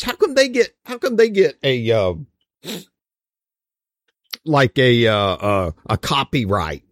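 A man's voice: mid-range voice, no room sound, studio quality. An American man giving a casual opinion monologue, emphatic and rambling, with frequent restarts. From United States.

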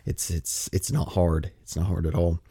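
A man's voice: sits low, normal speed, breathy edge, dry recording. A man hosting his own podcast, talking casually and restarting his phrases as he goes. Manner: animated, chatty, repeats words when restarting. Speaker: podcast host.

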